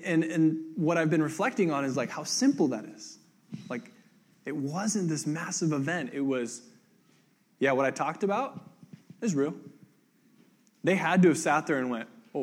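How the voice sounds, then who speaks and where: Casual, conversational male pastor. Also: fairly high pitch. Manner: conversational, acts out quoted voices, many "like" fillers. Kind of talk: casual sermon.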